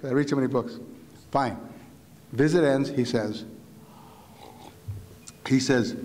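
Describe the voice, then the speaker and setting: A man, a visiting writer, telling a story to a live audience in a university lecture hall, animated and full of restarts. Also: medium pitch, unhurried, pauses often. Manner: vivid, animated retelling with repeated restarts.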